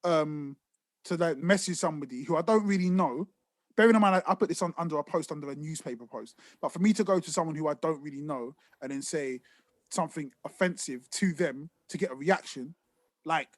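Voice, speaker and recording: A man's voice: a little high, fairly quick, dry recording. A man co-hosting a podcast, telling stories in casual, swearing chat. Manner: swearing, animated storytelling. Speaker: podcast co-host.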